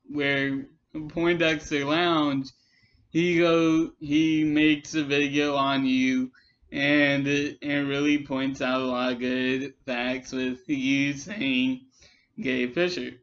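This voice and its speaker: A man giving a rambling, exasperated response rant in a vlog, with many halting restarts. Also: medium pitch, completely flat delivery, a bit bright, dull audio. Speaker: commentary vlogger.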